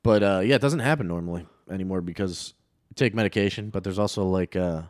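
Low-voiced man, crude deadpan podcast chat. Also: fast talker, no room sound, clean studio sound. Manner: vulgar, deadpan insults. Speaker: podcast co-host.

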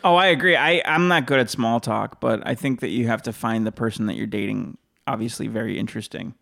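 A man's voice: mid-range voice, fairly quick, gravelly. A man, a comedian, riffing in loose casual banter on a podcast. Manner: loose, joking, animated.

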